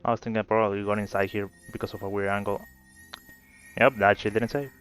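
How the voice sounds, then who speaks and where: This gameplay video creator speaks fast in a level, fairly bright voice on the low side, rambling through a story as he plays. He's laid-back and curses from time to time. Behind the slightly dull audio, game music plays faintly.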